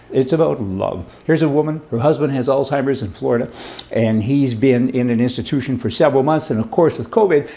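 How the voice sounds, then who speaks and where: A man's voice: medium pitch, dark tone. A man hosting a casual political commentary monologue, sarcastic and emphatic, full of asides and rhetorical questions.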